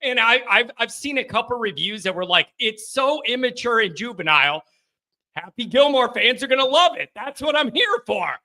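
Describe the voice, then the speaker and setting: A man's voice: very high voice, expressive, a little fast, few pauses, pushed and bright. A man hosting a live sports call-in stream, chatting casually from a home studio, rambling and joking with his chat viewers.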